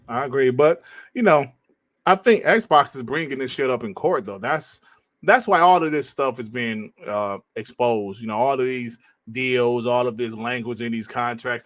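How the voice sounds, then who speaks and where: A man's voice: medium pitch, a bit bright, no echo, studio quality. A man hosting a casual gaming podcast over a call, loose and profane, often calling others bro. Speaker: podcast host. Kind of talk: casual chat.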